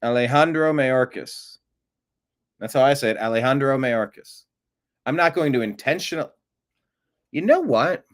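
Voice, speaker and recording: A man's voice: medium pitch, animated, normal speed, pauses often. A man hosting a news commentary show, talking casually with an amused, rambling manner and frequent restarts. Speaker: show host.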